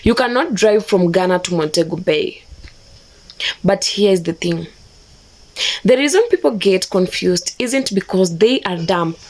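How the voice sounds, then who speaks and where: Slow, measured female explainer narrator. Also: fairly low pitch, expressive, darkish tone, slight background noise, poor audio. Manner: measured, matter-of-fact.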